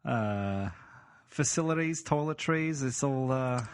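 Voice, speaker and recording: A man voicing a brash, bossy fake-Australian guy in a mock Australian accent, pitched up and boastful. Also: expressive, slow pace, clean tone.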